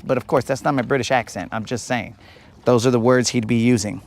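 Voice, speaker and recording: Guy, live fishing host, slangy and joking, talks to chat, mid pitch. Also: a little fast, creaky. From United States. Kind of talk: live fishing commentary, chatting with viewers. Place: on a boat on a lake, outdoors.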